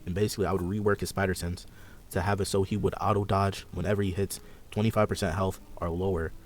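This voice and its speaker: Low-voiced laid-back young man. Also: level tone, fast talker, a little hiss or hum. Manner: laid-back, rambling, sarcastic. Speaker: podcast host. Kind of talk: casual gaming chat.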